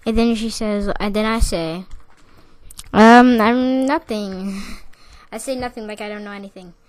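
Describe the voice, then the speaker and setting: A woman's voice: mid-range voice, steady tone, fast, darkish tone. A young woman casually telling a story about school, rambling with lots of "like" and restarts. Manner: rambling, full of "like" and restarts, with bursts of laughter.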